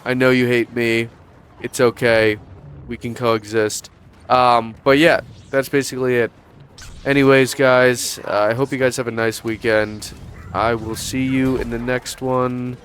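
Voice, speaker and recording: A man's voice: mid-range voice, little pitch movement, a little slow, fairly bright tone, clean tone. A young man in a casual commentary vlog, sarcastic and profane, mocking as he talks. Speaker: YouTube commentator.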